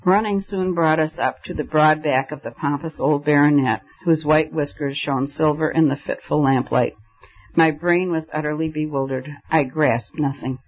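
A man reading a story aloud as audiobook narrator, in steady storytelling delivery. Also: on the high side, normal speed, muffled recording. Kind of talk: scripted narration.

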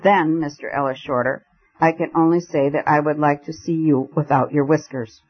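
A man reading the lines of a calm, eccentric gentleman who speaks with emphasis and deliberation, on a dull lo-fi recording. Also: on the high side, moderate pace, soft background music, close to an everyday voice.

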